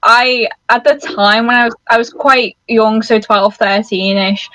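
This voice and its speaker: A woman's voice: on the high side, steady tone, a little slow, bright, forceful tone, dry recording, poor audio. Chatty young woman co-host. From Merseyside, England. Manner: chatty, easily amused, many short backchannels. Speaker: podcast co-host. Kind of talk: casual chat.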